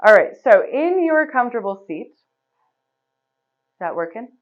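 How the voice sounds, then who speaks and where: A woman teaching a yoga class, giving relaxed, chatty instructions and laughing often. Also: a little high, slow pace. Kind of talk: guiding a live yoga class. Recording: slightly dull, lo-fi recording.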